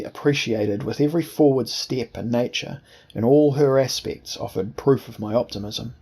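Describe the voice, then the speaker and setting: A man reading an audiobook in a measured, formal first-person storytelling manner. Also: medium pitch, a little mellow, husky. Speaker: audiobook narrator. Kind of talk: scripted first-person narration.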